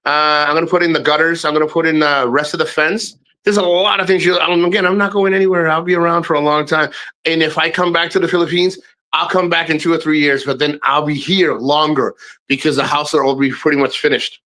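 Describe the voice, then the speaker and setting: A middle-aged man with a bright, forward voice that sits slightly high for a man, chatting to his stream viewers. He talks frankly and loosely, often restarting his sentences and swearing as he goes. He speaks straight to his audience. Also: fairly even intonation, a little fast. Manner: rambling, frank, swears freely, many restarts; addresses viewers directly. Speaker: live streamer. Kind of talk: casual livestream chat.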